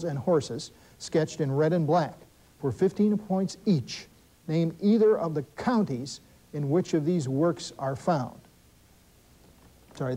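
A man hosting a school quiz show, reading questions briskly and adding wry asides and corrections for the teams. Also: fairly high pitch, warm tone, rough recording. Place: television studio.

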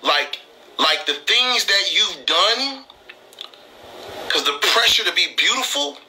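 A man's voice: high voice, lively intonation, slow, pushed and bright, a little hiss or hum, rough recording. Heated, emphatic man on a live stream. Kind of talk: impassioned live-stream talk.

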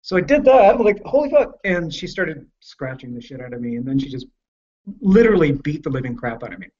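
A man's voice: mid-range voice, sing-song, a little mellow. A man telling a painful personal story frankly and candidly, swearing freely and often stopping and restarting as he talks. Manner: frank, profane, halting and emotional. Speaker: podcast guest. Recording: muffled lo-fi podcast audio.

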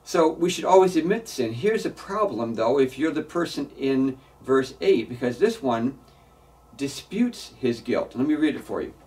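A pastor delivers his sermon in church with earnest, emphatic conviction, sometimes stumbling over repeated words. His voice sits at an ordinary middle pitch for a man. He is heard from a little way off the microphone. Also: lively intonation, normal speed, darkish tone, distant mic.

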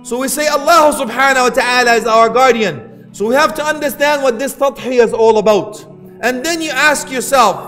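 A man's voice: extremely high pitch, a bit bright. A man preaching an impassioned sermon, shifting his pace and quoting Arabic phrases. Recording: long hall reverb with faint music.

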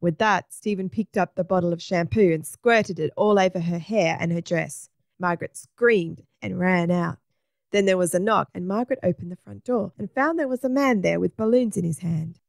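A woman narrating a children's story aloud in a clear, even way. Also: on the low side, moderate pace, dry recording, clean studio sound. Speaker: storybook reader.

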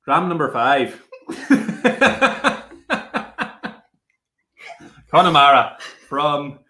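A man putting on a joking Irish accent, loud and laughing at himself. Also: medium pitch, huge pitch swings, slow, voice pushed up, exaggerated voice. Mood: giggly. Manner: laughing, loud and self-mocking. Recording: roomy echo.

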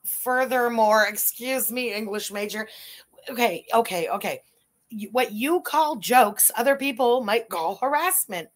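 A woman's voice: on the high side, animated, unhurried. A woman hosting a live reaction stream, answering a clip with sarcastic, mocking retorts.

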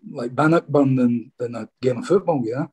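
A middle-aged man tells stories in a chatty, casual way, calling his listener "mate" again and again. His voice is husky and dark, with a mellow, low-lying tone. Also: normal speed. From Scotland. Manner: chatty, peppers speech with "mate". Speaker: former footballer guest. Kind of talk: casual interview storytelling.

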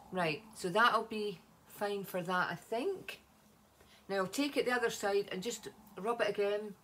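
A Scottish woman talks through her routine in a relaxed home vlog. She rambles cheerfully, full of ums and little asides. Her voice is picked up by a camera set nearby in her home. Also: medium pitch, unhurried, a little hiss or hum. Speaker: vlogger. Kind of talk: casual beauty vlog.

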